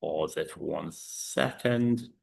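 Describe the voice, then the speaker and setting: A man's voice: a bass voice, animated, slow, creaky. A man in his thirties teaching a recorded physics lesson, explaining step by step with frequent fillers. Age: 30s.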